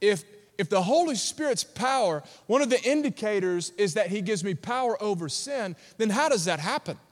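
Man, very high pitch, sermon, emphatic, call-and-response, long hall reverb. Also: lively intonation, normal speed. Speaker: preacher. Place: church sanctuary.

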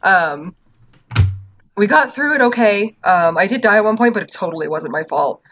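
A woman's voice: medium pitch, animated, normal speed, fairly bright tone. A woman casually chatting on a podcast, telling game stories with lots of fillers and laughs. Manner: rambling storyteller, frequent fillers and laughs. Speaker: podcast co-host. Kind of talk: casual chat about a video game. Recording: dull lo-fi sound.

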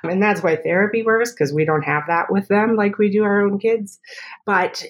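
A woman speech therapist talking through her methods in a podcast interview, chatty and full of quick examples. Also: medium pitch.

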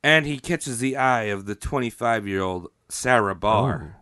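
Bright-voiced man telling a story, laughing. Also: medium pitch, animated, a little slow, no room sound. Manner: rambling, joking, laughs often. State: tipsy. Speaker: podcast host telling a history story. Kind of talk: casual comedic storytelling.

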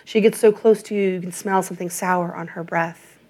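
A woman reading an audiobook in a measured, even narration. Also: lowish voice.

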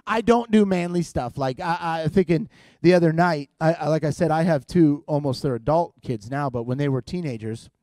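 A middle-aged man tells self-mocking stories from the pulpit, stumbling through restarts as he goes. His voice sits a little high for a man. The sound is close and dry. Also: a little mellow, no echo. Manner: self-deprecating, halting restarts. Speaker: preacher. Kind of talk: comedic sermon storytelling.

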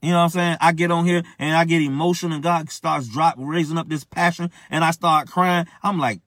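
A man's voice: on the high side, normal speed, a bit bright, no room sound. A man preaching an impassioned informal sermon as a self-styled prophet, emphatic and repetitive, calling listeners out directly in colloquial speech.

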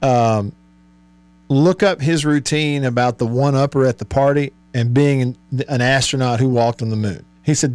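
A man's voice: mid-range voice, moderate pace, darkish tone, clear, resonant tone. A man hosting a radio talk show, chatting and joking with his co-host and laughing often. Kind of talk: casual on-air banter.

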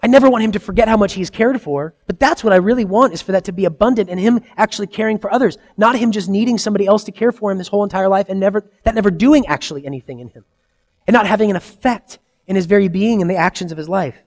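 A man in his thirties preaching a sermon, earnest and conversational, swinging between loud emphasis and soft, quiet asides. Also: high-pitched, quick pace. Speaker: pastor.

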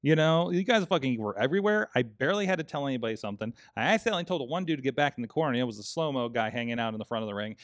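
A man's voice: mid-range voice, lively intonation, very fast, few pauses, dry recording. A man co-hosting a podcast in casual chat, rambling with many fillers and restarts and swearing often. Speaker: podcast co-host.

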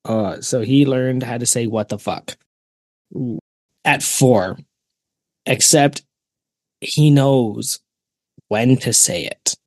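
A man hosting a podcast, telling relaxed stories and laughing as he goes. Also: medium pitch, slow, long pauses, no echo, studio quality. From Canada. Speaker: podcast host. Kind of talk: casual podcast chat.

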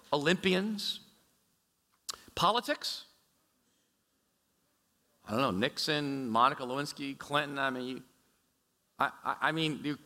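A man preaching a sermon in a church, chatty and animated, with frequent asides and restarts. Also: a little high. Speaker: pastor. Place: church sanctuary. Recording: echoey large hall.

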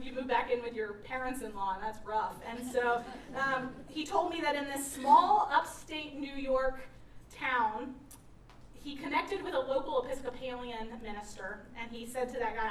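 A woman's voice: high voice, fairly bright tone, a little hiss or hum. A woman pastor preaching a sermon, telling a story earnestly and often restarting her sentences. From Virginia, USA. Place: church sanctuary. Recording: echoey church room, mic from a distance.

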